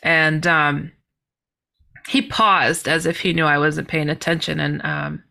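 Bright-voiced woman telling an animated story. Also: low voice, slow pace, creaky. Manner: animated, laughing, exclaiming. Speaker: guest author. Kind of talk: personal storytelling.

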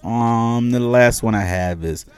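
A young man co-hosting a podcast, chatting casually and joking, slowing down to spell out names. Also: medium pitch, smooth, soft background music. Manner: laid-back, joking, slow when reading out names. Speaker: podcast co-host. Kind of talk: casual chat.

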